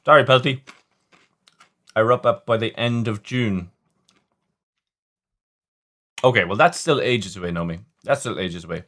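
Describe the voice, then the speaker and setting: A man's voice: lowish voice, normal speed, a bit bright. A man hosting a livestream, chatting casually and rambling as he reads viewer comments. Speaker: livestream host.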